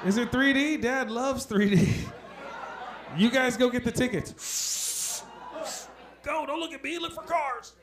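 High-voiced man doing profane stand-up. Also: a little slow, pauses often. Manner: punchy, profane, laughing at his own lines. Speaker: comedian. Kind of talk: stand-up comedy. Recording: noisy live recording.

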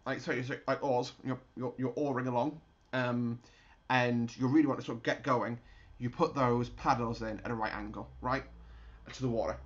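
A man's voice: mid-range voice, dull audio. A young man chatting casually through a flight simulator session, rambling and explaining as he goes. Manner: chatty, rambling, laughs, restarts a lot. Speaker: flight sim streamer. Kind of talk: casual gameplay commentary.

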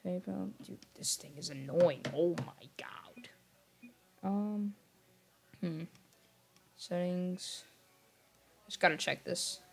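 With faint music behind him, a young man speaks slowly in a high voice with vocal fry, leaving long pauses. He's livestreaming a game and chatting with viewers in a rambling, distracted way, often apologizing. He occasionally talks quietly to keep the noise down.

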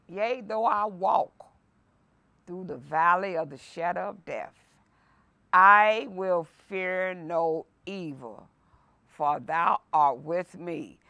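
A woman pastor leading a Bible lesson, reading scripture aloud and preaching with slow emphasis and repetition. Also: lowish voice, a bit bright, dry recording. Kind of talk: sermon-style Bible lesson. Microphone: no mic, by her own words.

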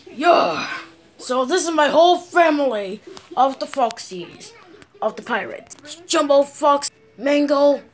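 Woman playing a cheerful pirate fox. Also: high-pitched. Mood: playful. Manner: playful, excited, addressing viewers directly. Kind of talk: toy play video with singing.

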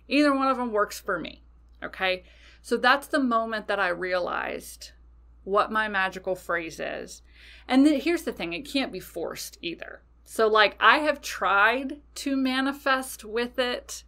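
A woman's voice: medium pitch, expressive, takes it slowly, bright, forceful tone. A woman hosting a podcast, telling a personal story casually and animatedly, swearing freely. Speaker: podcast host.

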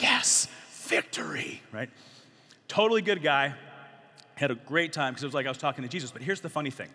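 A middle-aged man giving an animated, joking, conversational talk to a youth audience at a large conference. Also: on the high side, breathy edge. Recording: long hall reverb.

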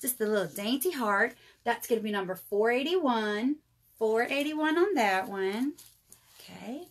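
This jewelry seller, a woman in her thirties, hosts a live sales stream and addresses her audience as y'all. She speaks on the high side, animated yet unhurried.

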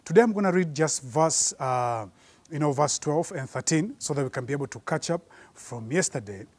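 A man preaching a sermon, slowing down and rising in force to repeat his points. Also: on the high side, lively intonation, a little mellow, slightly rough, no room sound. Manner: measured preaching, slows and rises for emphasis.

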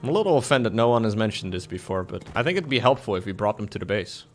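A man in casual live-stream commentary while playing a game, excitable, laughing often and jumping to high yelps. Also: fast talker. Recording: faint music behind the voice.

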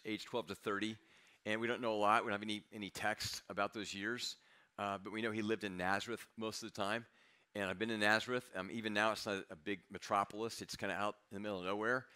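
Bright-voiced preaching man. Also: fairly low pitch, fairly even intonation, fast talker, clean tone. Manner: confessional, conversational preaching that drops to a near-whisper at times. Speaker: pastor. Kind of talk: sermon.

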